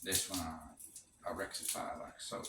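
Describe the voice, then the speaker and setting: A man's voice: deep voice, level tone, unhurried. A man chatting casually while cooking in a rental kitchen, rambling with wry asides. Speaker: cooking vlogger. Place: kitchen with gas stove in a rental. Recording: roomy, distant mic, noisy background. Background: pot boiling on the stove.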